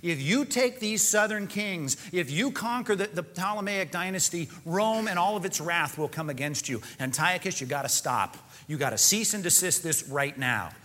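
A man's voice: high voice, expressive, normal speed, hardly any pauses, pushed and bright. A man voicing stern male Roman envoys who deliver a threatening warning, heard in an echoey large hall.

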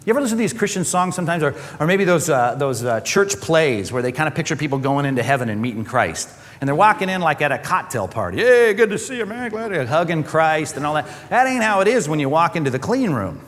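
Animated male pastor in a reverberant hall. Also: fairly high pitch, fast talker. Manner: animated, acts out quoted voices. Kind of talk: sermon.

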